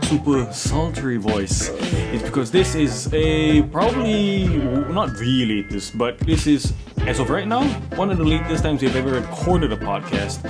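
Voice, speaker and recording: A man's voice: fairly high pitch, sing-song. Teasing male podcast host over music. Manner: joking, teasing, jumps between slow and rushed. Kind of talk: casual late-night chat.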